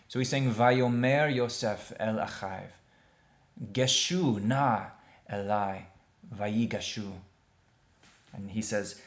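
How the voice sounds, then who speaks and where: A man teaching a beginners' Hebrew lesson over a shared screen, talking plainly and repeating words slowly for pronunciation. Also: fairly low pitch. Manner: plain, conversational, thinks aloud with fillers.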